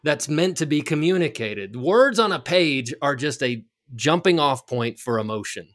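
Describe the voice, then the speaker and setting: A man's voice: fairly high pitch, big pitch swings, moderate pace, a bit bright. A man co-hosting a podcast, giving encouraging, conversational advice to fathers. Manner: encouraging, conversational, frequent restarts. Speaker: podcast co-host. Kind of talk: casual chat.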